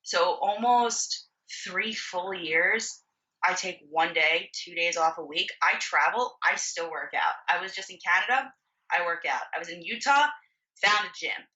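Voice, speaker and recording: A woman's voice: on the low side, measured pace, sharp tone, distant mic, lo-fi sound. A woman in her twenties, a podcast guest, telling her story in candid casual chat, swearing freely and saying "like" a lot. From Florida. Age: 20s. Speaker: podcast guest, bodybuilding competitor.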